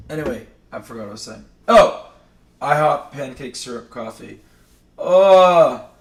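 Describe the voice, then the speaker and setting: A man's voice: mid-range voice, slow, long pauses. A man from New England hosting a livestream, chatting in a rambling, self-correcting way. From New England, Maine. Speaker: livestream host. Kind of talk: casual chat. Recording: echoey room, distant mic.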